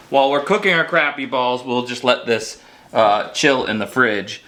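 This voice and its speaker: A man's voice: medium pitch, lively intonation, moderate pace, sharp tone, echoey room. A man hosting a casual cooking demonstration in a kitchen, joking and poking fun at himself as he rambles through the recipe. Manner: joking, self-mocking, rambling. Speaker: outdoor cooking show host.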